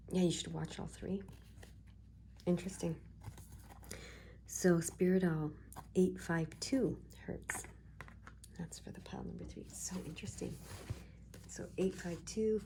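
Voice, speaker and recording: A woman giving a casual tarot reading, soft-spoken and reassuring, often slipping into a half-whisper as she muses over the cards. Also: lowish voice, creaky, a little hiss or hum. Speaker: tarot reader.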